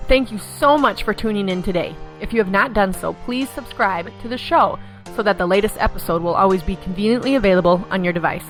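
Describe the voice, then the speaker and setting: Over background music, a woman in her thirties hosts a podcast and spins stories in a cheerful, easygoing monologue, impersonating the people she quotes. She speaks briskly at a medium pitch.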